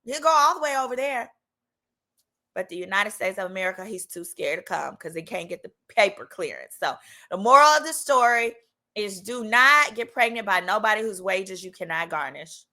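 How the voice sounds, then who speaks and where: A woman in her thirties, a lawyer and channel host, telling a story in a sassy, animated way straight to her viewers. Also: medium pitch, moderate pace. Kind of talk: casual storytime.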